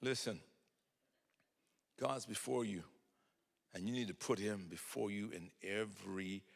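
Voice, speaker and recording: A man's voice: on the low side, steady tone, measured pace, gravelly, long reverb tail. An older man telling folksy, humorous family stories in a sermon, acting out the dialogue. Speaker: preacher. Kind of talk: storytelling sermon.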